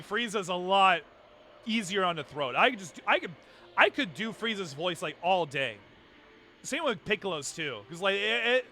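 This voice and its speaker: A man's voice: sits high, pushed and bright, a little hiss or hum. A man streaming live, chatting casually and rambling about doing character voices. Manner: chatty, rambling with many fillers and restarts. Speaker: livestreamer.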